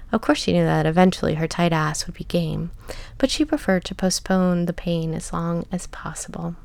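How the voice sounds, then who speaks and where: A woman narrating a story in a soft, measured reading that often drops to a whisper. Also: fairly low pitch, flat delivery, vocal fry, no room sound.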